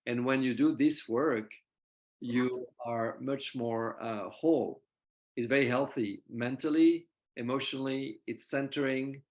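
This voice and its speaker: Man, mid-pitched, non-native accent, earnest, repeats words, slightly dull audio. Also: fairly even intonation, unhurried, a little mellow. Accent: non-native English. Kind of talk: reflective conversation.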